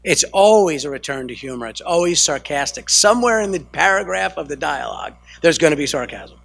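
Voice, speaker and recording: In a dry recording, an American counselor leads a family training session as a chatty lecture to a live audience. His somewhat high, gravelly, slightly bright voice moves fairly quickly with lively intonation, and he frequently adds "right?" and corrects himself mid-sentence.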